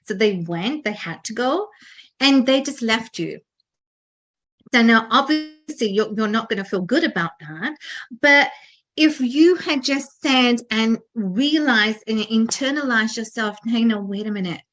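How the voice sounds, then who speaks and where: A woman's voice: on the high side, lively intonation, measured pace, a bit bright. A woman co-hosting a talk show, giving an earnest motivational talk with frequent restarts and fillers. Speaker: podcast co-host.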